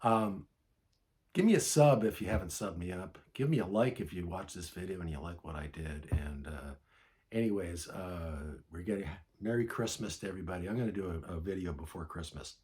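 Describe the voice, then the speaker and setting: A man's voice: sits low, a little fast, darkish tone. A man hosting a vinyl collector channel, chatting casually and rambling with lots of fillers, with hiccups. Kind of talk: casual vlog chat.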